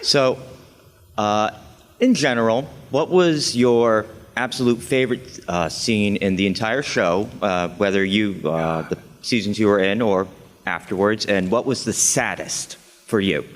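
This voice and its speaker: Man in the audience, hesitant question full of fillers, lowish voice, echoing hall. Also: measured pace. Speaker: fan asking a question.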